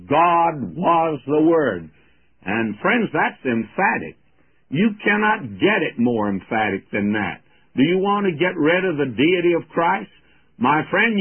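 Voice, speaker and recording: Slow husky radio preacher, man. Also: medium pitch. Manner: slow, emphatic, addresses listeners as friends. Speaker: radio Bible teacher. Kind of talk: radio Bible sermon. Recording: tinny phone-like radio recording.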